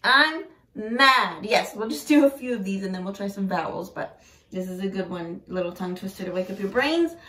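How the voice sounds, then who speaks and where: A woman leading an online singing group through vocal warm-ups with cheerful, encouraging instructions. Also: medium pitch, lively intonation, a little fast. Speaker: singing circle leader and vocal coach. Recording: roomy sound from a distant mic.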